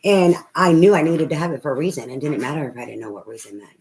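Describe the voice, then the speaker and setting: Speaking fast in a low-pitched voice, a tarot reader delivers a casual reading over noisy home audio. Her talk wanders, she curses without restraint, and laughter comes often.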